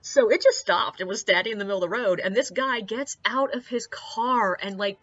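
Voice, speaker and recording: A woman's voice: fairly high pitch, a little fast, few pauses, a bit bright, highs cut off. A young woman, a tour guide, telling anecdotes in a chatty, casual way, peppered with likes, uhs and swearing. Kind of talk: casual storytelling vlog.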